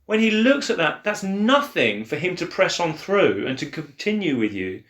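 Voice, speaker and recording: A man co-hosting a church Bible podcast, chatting in an animated way and acting out quotes with laughter. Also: moderate pace. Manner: animated, acts out quotes with big pitch swings and laughs. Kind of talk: casual Bible discussion. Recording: echoey room.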